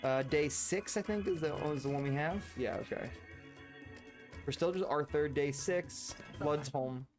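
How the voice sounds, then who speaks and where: A man's voice: on the high side, a little slow, soft background music. A man chatting casually while streaming a video game, laughing often and rambling into asides. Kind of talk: casual gameplay chat.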